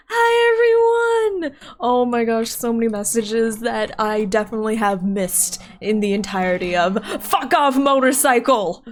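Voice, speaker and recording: A woman's voice: high-pitched, measured pace. A woman streamer chatting casually on a live stream into her microphone, giggly and flustered, often laughing and cutting herself off. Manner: giggly and flustered, frequent laughs and self-interruptions. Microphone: desk microphone.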